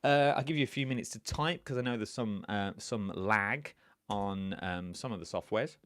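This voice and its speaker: A man's voice: fairly low pitch, moderate pace, a bit bright, a little hiss or hum. A man hosting a live-streamed quiz, talking to viewers in a chatty, rambling way with lots of asides. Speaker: quiz host.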